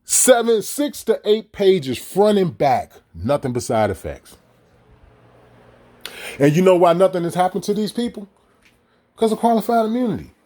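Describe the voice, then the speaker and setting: A man with a fairly high-pitched voice rants in a heated, profane monologue aimed straight at his audience. He keeps mocking the people he argues against and firing off rhetorical questions. The talk is loose and spoken off the cuff. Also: sing-song, normal speed, pauses often, mellow. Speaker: vlogger ranting to his audience.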